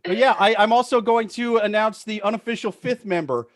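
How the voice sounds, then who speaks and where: High-voiced crude joking podcast host. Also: male voice, brisk. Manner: crude, jokey, riffing. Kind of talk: casual comedy chat.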